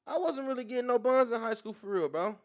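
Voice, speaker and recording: A young man in casual podcast chat, talking in a lively, sheepish way and laughing as he speaks. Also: very high-pitched, fast. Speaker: podcast co-host.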